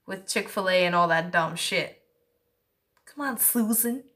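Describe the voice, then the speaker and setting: A woman's voice: lowish voice, animated, measured pace, sharp tone. A woman co-hosting a comedy video, teasing and exclaiming with crude playful insults. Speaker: comedy vlog co-host. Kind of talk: crude improvised comedy banter.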